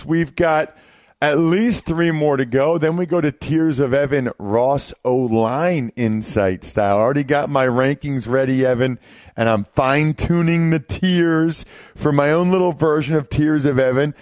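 A man's voice: on the high side, unhurried, a little mellow, dry recording. A man hosting a fantasy football podcast, upbeat and exclamatory as he wraps up the show in casual chat. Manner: hyped, exclamatory, playful. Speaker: podcast host.

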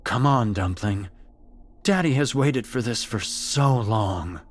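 A man's voice: fairly low pitch, takes it slowly, voice pushed up. A man doing a coaxing, tender father. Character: loving fatherly male voice from possessed woman.

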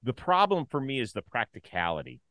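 A man co-hosting a baseball talk show, chatting casually, swinging from loud jokes to mumbled asides. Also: medium pitch, huge pitch swings, brisk, no room sound.

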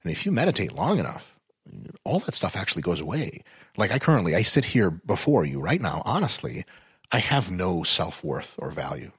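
A man with a husky, slightly low voice talks as a podcast guest, recorded close and dry. He is blunt and swears freely. When he gets fired up, his pitch jumps high. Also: normal speed, no room sound. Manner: animated and explanatory, swings up in pitch when fired up. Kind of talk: casual podcast chat.

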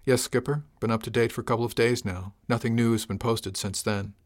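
A man voicing a troubled young male crewman in an audiobook, speaking quietly and hesitantly. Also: steady tone, fairly quick, dry recording, studio quality, lightly acted. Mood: plain. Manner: quiet, hesitant, low-spirited. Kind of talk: audiobook character voice.

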